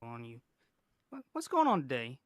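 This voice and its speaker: A man delivering cheesy, smooth-talking pickup lines on a livestream. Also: medium pitch, wildly swooping pitch, normal speed, fairly bright tone, dry recording. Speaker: flirting contest participant.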